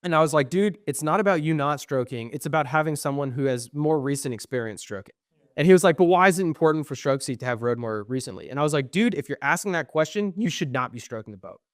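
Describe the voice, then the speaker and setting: With a slightly high voice and a fast delivery, a young man co-hosts a podcast in a dry, studio-quality recording. He tells a long, animated story in casual chat, reenacting what people said, using many ums, and swearing when frustrated.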